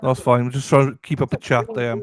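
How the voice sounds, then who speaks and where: A man's voice: mid-range voice, flat delivery, fast. A man co-hosting a live stream, bantering in a friendly, jokey way with guests and chat.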